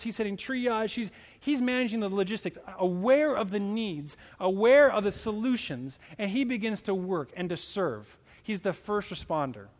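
Animated high-voiced man preaching in a hall. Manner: conversational, animated storytelling with quoted voices. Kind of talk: sermon. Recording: long hall reverb.

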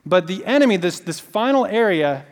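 Man, sermon, high voice, animated storytelling, lots of fillers, long hall reverb. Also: normal speed. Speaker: pastor.

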